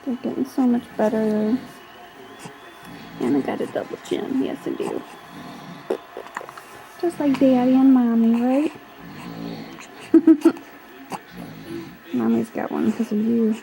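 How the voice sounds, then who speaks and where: A woman filming her newborn at home on a handheld camcorder, talking to him in soft cooing baby talk. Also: on the high side, lively intonation, slow pace, gravelly, long pauses, rough recording. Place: living room at home.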